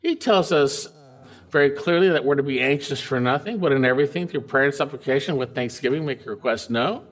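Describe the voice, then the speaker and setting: A man preaching a verse-by-verse sermon, reading scripture and then explaining it with emphasis and questions to his listeners. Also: fairly quick. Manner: emphatic, swings from loud highs to quiet lows; reads scripture aloud and asks the congregation questions. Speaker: pastor.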